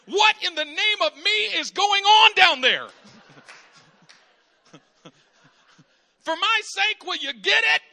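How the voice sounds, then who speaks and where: A preacher voicing an exasperated booming God. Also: male voice, animated, slow, long pauses, full character voice. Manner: loud, incredulous.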